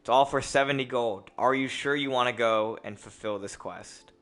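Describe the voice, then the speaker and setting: A young man narrating as game master of a casual tabletop game, loose and rambling, often clearing his throat and laughing. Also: mid-range voice, normal speed, a bit bright, soft background music.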